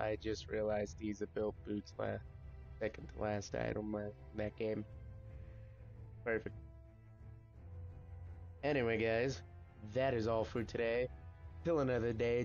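A man giving casual, excitable gameplay commentary, swearing and making sound effects as he plays. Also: lowish voice, unhurried, gravelly, long pauses, lo-fi sound, soft background music.

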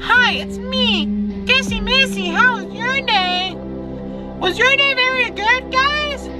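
A man voicing a sweet female toy monster in a high, girly put-on voice. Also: slow, distant mic, over loud music.

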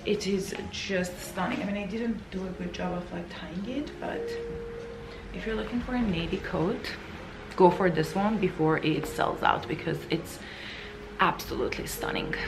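A woman's voice: lowish voice, normal speed, gravelly, background noise. Chatty woman gushing in a vlog. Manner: gushing, chatty, filler-heavy. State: out of breath. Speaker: lifestyle vlogger. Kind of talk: casual vlog chat. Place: in a car.

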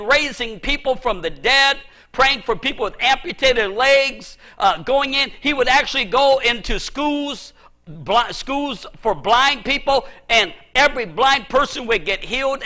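High, bright-voiced middle-aged preacher. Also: male voice. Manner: emphatic, with sudden shouted bursts. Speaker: pastor. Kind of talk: sermon. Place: church.

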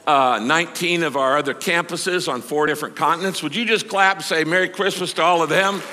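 A man's voice: a little high, noisy background. A man in his sixties, a pastor, preaches a sermon in a conversational way, stretching out key words for emphasis. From United States. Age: 60s. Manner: conversational, with drawn-out emphatic phrases. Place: large church auditorium. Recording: long hall reverb.

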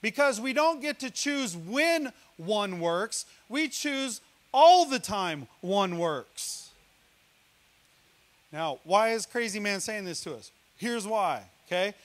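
A man from Missouri preaching a guest sermon in a high, bright-pitched voice. He talks loudly and sometimes yells. He teases the congregation between points. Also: very animated, takes it slowly. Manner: loud, yelling preaching style; playful, teasing the congregation. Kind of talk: lively sermon with jokes.

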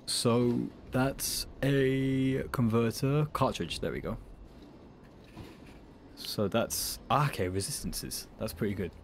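A young man giving casual, joking commentary while playing a video game, sometimes breaking into high excited yelps. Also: slow pace, slight background noise. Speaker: gameplay commentator. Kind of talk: casual let's-play commentary.

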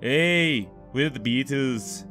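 A man doing a deliberately poor impression of an English rock band singer in a put-on English accent. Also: mid-range voice, fairly bright tone, soft background music. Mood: goofy. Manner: jokey, deliberately clumsy impression.

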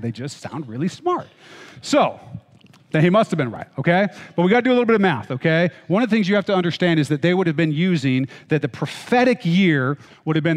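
Joking pastor in a reverberant church hall. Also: male voice, a little high. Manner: conversational, joking asides, checks in with listeners. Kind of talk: sermon.

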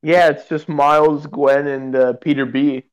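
A young man co-hosting a casual podcast, reacting with quick interjections and laughs. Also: on the high side, flat delivery, smooth, muffled recording.

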